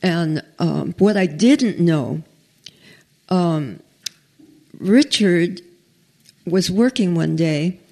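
Gravelly-voiced woman telling her testimony. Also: lowish voice, animated, very slow, pauses often, dark tone. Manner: earnest, acts out quoted dialogue. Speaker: storyteller giving a faith testimony. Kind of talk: personal testimony, casual storytelling.

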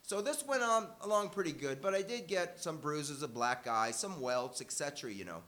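An older man recounts a childhood story to a live audience. His voice is bright and a little high, and he keeps a loose, conversational flow, with dry humor and frequent self-corrections. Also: lively intonation, normal speed.

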